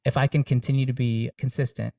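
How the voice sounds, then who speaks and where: A man's voice: medium pitch, level tone, quick pace, vocal fry, dark tone, no echo, studio quality, far from the mic. A young man, a singer-songwriter guest, talking earnestly and reflectively in a casual interview, with many fillers and restarts.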